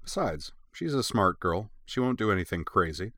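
An easygoing father who likes to tease, with dry humor, as a man reads him. The voice is deep, with a crisp, bright tone. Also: moderate pace, no room sound. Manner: dry, deadpan teasing. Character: joking, easygoing middle-aged father.

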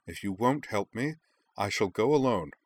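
A man's voice: on the low side, expressive, normal speed, voice pushed up. A man voicing a young boy prince who speaks with urgent, put-on mature dignity. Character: earnest, self-serious boy prince.

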